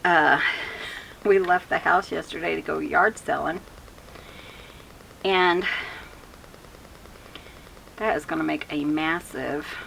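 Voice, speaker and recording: Casual craft vlogger, female, low-ish bright voice, rambles and thinks aloud. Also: gravelly, slight background noise, rough recording.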